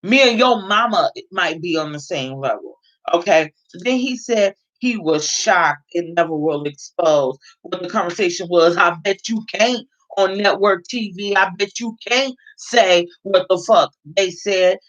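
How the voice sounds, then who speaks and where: A woman's voice: fairly low pitch, a little slow, fairly bright tone, highs cut off. A woman from California giving a blunt, heavily profane commentary rant and repeating her points for emphasis. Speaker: vlogger.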